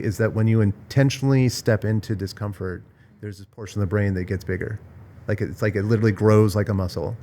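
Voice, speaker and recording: A man's voice: on the low side, a little hiss or hum. A man hosting a podcast, talking through ideas in a thoughtful, searching way with frequent restarts and repeated phrases. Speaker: podcast host. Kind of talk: casual reflective conversation. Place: villa in Bali.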